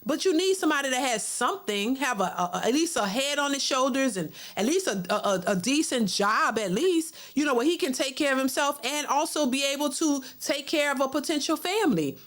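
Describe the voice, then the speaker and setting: A woman's voice: high-pitched, animated, brisk, hardly any pauses, a bit bright. A middle-aged woman hosting a livestream, reading viewer super chats and giving casual, talkative commentary that often repeats words. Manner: chatty, repeats words, mimics others in a mocking voice.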